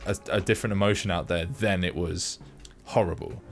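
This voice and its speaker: Low-voiced man rambling about films. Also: fairly even intonation, gravelly, soft background music. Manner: rambling, halting, many restarts. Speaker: podcast co-host. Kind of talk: casual film review chat.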